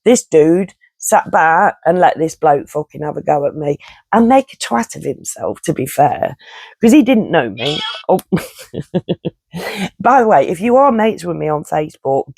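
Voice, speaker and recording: Speaking in a deep, darkish voice on a dry recording, a vlogger in her 50s delivers a casual rant to camera. She's blunt and chatty with her viewers, laughing and cursing along the way.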